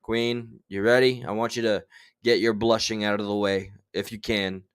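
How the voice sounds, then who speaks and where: A man's voice: fairly low pitch, little pitch movement, moderate pace, smooth. A man hosting a casual livestream, chatting loosely and reading out viewer names. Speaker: livestream host.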